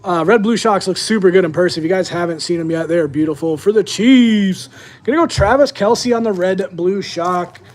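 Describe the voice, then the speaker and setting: A man's voice: high-pitched, fairly quick, hardly any pauses. A young man hosting a live-streamed sports card break, chatting casually to his viewers as he opens packs.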